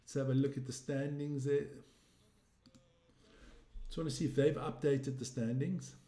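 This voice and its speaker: A man's voice: mid-range voice, flat delivery, moderate pace, mellow, roomy sound. A man hosting a sports channel, chatting casually through basketball results while browsing them for viewers.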